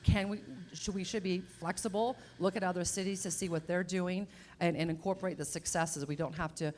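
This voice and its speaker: A woman serving as mayor, speaking at a public panel in a measured, reflective way, often posing questions. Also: lowish voice, steady tone, darkish tone, a little hiss or hum. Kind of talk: panel discussion remarks.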